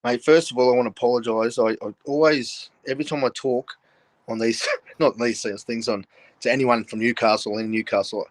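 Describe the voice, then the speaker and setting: A man's voice: medium pitch, steady tone, brisk, no room sound. An older Australian man spins yarns in a blunt, blokey way and keeps breaking into laughter. His voice sits mid-range and sounds dry and close, with no room around it. He joins the chat over a video call. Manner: laughs often while telling stories, blokey and frank. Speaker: guest, former rugby league player. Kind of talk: casual storytelling chat.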